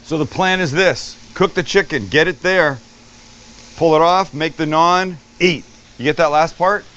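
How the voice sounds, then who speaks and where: A man's voice: on the high side, measured pace, fairly bright tone, dull audio. A man hosting a cooking show, demonstrating a recipe in an upbeat, joking way and swearing freely.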